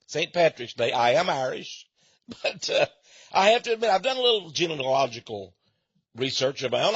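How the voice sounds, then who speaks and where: A man from Texas spins a folksy monologue with chuckling asides. His voice sits high and swoops up and down. The sound is husky and dull, with no room around it. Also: a bit bright, dry recording. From Texas, USA. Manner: chatty storyteller, chuckling asides.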